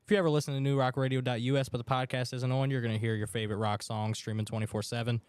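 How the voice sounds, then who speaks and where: A man co-hosting a sports betting podcast in a radio studio, chatting casually and excitably. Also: mid-range voice, very fast, clean tone, no echo. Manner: excitable, chatty, loud outbursts for his team. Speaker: podcast co-host. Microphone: studio mic.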